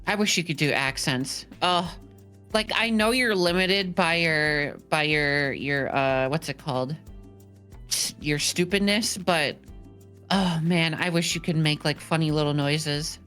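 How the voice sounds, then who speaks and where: A woman's voice: deep voice, measured pace, a bit bright, faint music behind. A woman streamer bantering playfully in casual chat, teasing and swearing casually.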